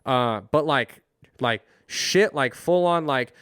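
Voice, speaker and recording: A man's voice: medium pitch, slow, clear, resonant tone, dry recording, studio quality. A young man, a touring comedian, chatting casually on a podcast and telling stories with acted-out voices. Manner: animated storytelling, acts out quoted voices.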